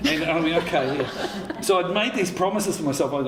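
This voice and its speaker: A man's voice: a little high, brisk. Man in his fifties telling stories with a laugh. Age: 50s. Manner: laughing, swearing, full of restarts. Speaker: writer and co-creator on a panel. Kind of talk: candid anecdotal panel talk. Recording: echoey hall with faint noise.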